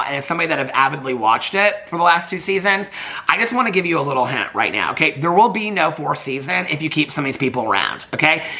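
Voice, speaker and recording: A man's voice: a little high, creaky, pushed and bright. A man with a Southern accent, a YouTube host rambling through casual gossip commentary, trailing off and restarting often.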